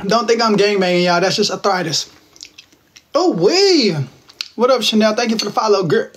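High-voiced young man bantering on a livestream. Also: lively intonation, normal speed, fairly bright tone, slight background noise. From Texas. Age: 20s. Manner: playful, teasing banter with viewers, slangy. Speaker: livestream host. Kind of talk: casual livestream chat reading viewer comments. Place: at home. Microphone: phone.

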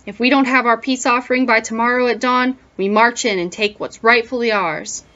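A woman voicing an angry, snarling female army ant lieutenant who shouts, on a dull lo-fi recording. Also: on the high side, steady tone, brisk.

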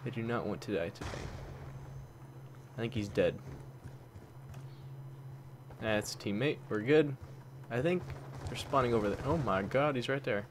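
An excitable man talking over his own gameplay, his pitch jumping all over from grumbling lows to yelping highs. He trades curses for goofy mild words and keeps up a running chatter. Gunfire and game noise sit clearly behind his voice. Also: unhurried, long pauses. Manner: excitable, swings from mutters to yelps, swaps curses for mild words. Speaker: gaming commentator. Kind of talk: gameplay commentary.

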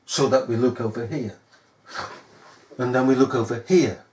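A man's voice: mid-range voice, normal speed, darkish tone. A man preaching a sermon in a scornful, sarcastic manner. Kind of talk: recorded sermon. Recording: echoey room.

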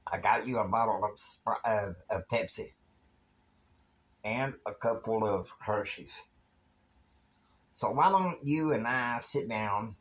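A man's voice: on the low side, slow, long pauses. A man doing a shy, stammering young student. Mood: bashful. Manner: stammering, hesitant.

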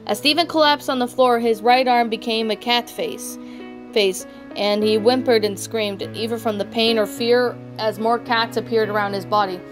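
A woman's voice: fairly high pitch, steady tone, moderate pace. A woman reading a fan fiction story aloud, often stumbling and restarting words. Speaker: story narrator. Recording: background music throughout.

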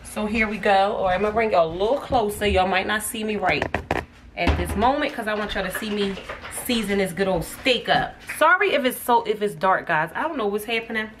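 A woman with a medium-pitched voice talks a little fast as she cooks at home for her casual vlog, chatting with viewers she calls "y'all." A phone camera placed at a distance records her, leaving background noise in the mix.

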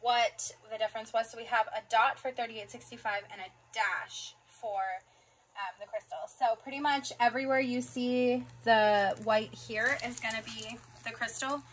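A woman's voice: fairly high pitch, steady tone, normal speed, a little hiss or hum, poor audio. A woman in her twenties, chatting casually as she unboxes a craft kit and reads out long strings of numbers. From South Florida, US. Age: 20s. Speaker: craft vlogger.

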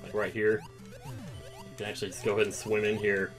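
A man giving casual, excitable commentary while playing a video game, breaking into loud outbursts. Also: fairly low pitch, a little fast, over music. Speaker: let's play gamer.

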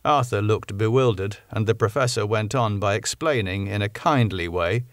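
A man narrating a classic novel in a measured, clear storytelling manner. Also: lowish voice, no room sound, studio quality. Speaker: audiobook narrator. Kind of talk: scripted narration.

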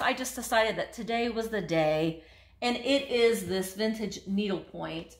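A woman's voice: fairly high pitch, a little slow. A woman reselling vintage, showing off her finds in a chatty, gushing haul video. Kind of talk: casual show-and-tell haul video.

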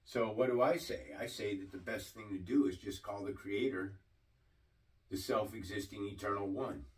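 A man preaching a sermon-style teaching, slow and deliberate, often asking his listeners questions. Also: fairly low pitch, recorded from a distance, low-quality recording.

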